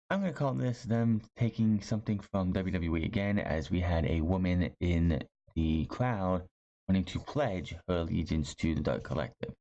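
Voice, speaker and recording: A man's voice: sits low, mellow. A man giving a casual, opinionated recap of a wrestling show, blunt and rambling, often correcting himself mid-sentence. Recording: slightly dull lo-fi audio with faint hiss.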